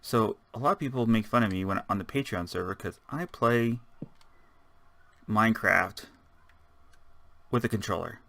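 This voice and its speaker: A man's voice: lowish voice, moderate pace, creaky, long pauses, bright, forceful tone, no echo. A man giving rambling, casual let's-play commentary, chatting and muttering to himself as he builds. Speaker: gaming channel host.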